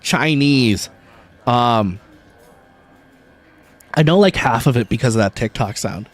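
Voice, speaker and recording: A streamer talks slowly in an expressive, medium-pitched voice. He chats casually with his viewers during a gaming livestream, joking around, swearing, and laughing easily.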